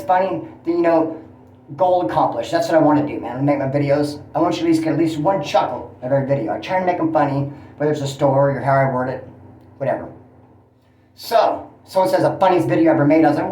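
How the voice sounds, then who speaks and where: A man's voice: a little high, roomy sound, low-quality recording. A man hosting his own vlog, with a Californian accent, venting and rambling in a casual, profane way about his day. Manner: profane, venting, animated storyteller. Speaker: YouTube channel host. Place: motel room.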